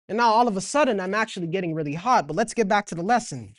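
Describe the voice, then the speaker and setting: A woman's voice: mid-range voice, fast, hardly any pauses. A woman with a Toronto accent reading scripture and explaining it in a casual, slangy Bible lesson. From Canada. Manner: reads scripture aloud, then explains it in slangy asides. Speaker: Bible teacher.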